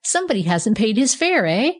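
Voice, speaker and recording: A woman's voice: a little high, very animated, fairly quick, voice pushed up. A woman doing a bossy, roaring hippopotamus. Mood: forceful. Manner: forceful, roaring. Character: big, bossy male hippopotamus. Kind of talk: storybook reading.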